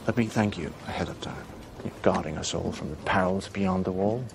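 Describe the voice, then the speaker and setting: An actor playing a smug, sardonic highborn knight who talks in a mocking, offhand way. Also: male voice, a little fast, creaky, background noise.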